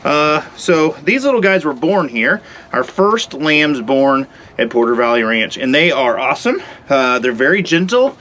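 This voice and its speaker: A man's voice: fairly high pitch, bright, forceful tone, a little hiss or hum. Easygoing man vlogging outdoors in the cold. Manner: easygoing and rambling. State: chilly and a bit out of breath. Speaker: ranch vlog host. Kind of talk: casual vlog talk to camera. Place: outdoors at a sheep pen in the cold.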